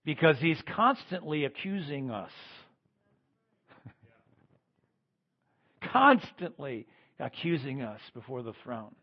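A man preaching a sermon as pastor, swinging between loud emphatic lines and quiet ones. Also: medium pitch, very animated, takes it slowly, long pauses, breathy edge, dull audio.

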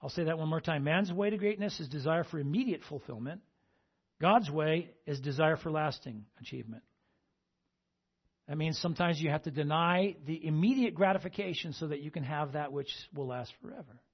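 A man's voice: a little high, a little fast, slightly rough, highs cut off. A male pastor preaching a sermon and asking the congregation "amen?" between points. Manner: call-and-response, repeating "amen?" to the congregation.

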